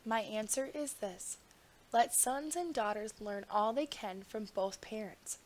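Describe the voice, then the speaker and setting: A woman's voice: mid-range voice, a little slow, a little mellow, close to an everyday voice. A woman reading a storybook, playing a weary, sleepless old king with a grand, drowsy manner. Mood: solemn.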